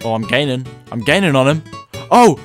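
A young man giving excited, reactive commentary over his own gameplay as a gaming YouTuber. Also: mid-range voice. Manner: excitable, yelps and laughs, quick reactions. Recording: faint background music.

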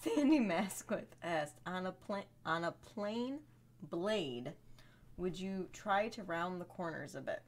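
A woman's voice: fairly low pitch, animated, slow pace. A woman co-hosting a live stream, reading out viewer questions in a playful, giggly way.

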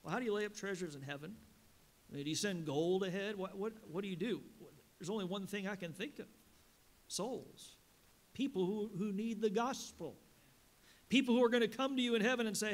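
Pastor, male, high-pitched, emphatic sermon delivery with slow scripture reading, church sanctuary. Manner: preaching with emphatic rises, reading scripture slowly.

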